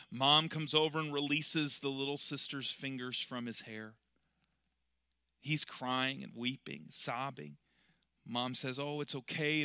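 Bright-voiced male preacher, dry sound. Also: a little high, clear, resonant tone, no echo. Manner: swings between loud, emphatic passages and quiet, drawn-out ones; storytelling preacher, slowing on key words. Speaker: pastor. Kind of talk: sermon.

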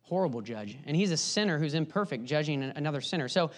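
A man's voice: fairly high pitch, lively intonation, fast talker. A man preaching a sermon, explaining his points earnestly and pressing harder on the key ones. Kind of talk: sermon teaching.

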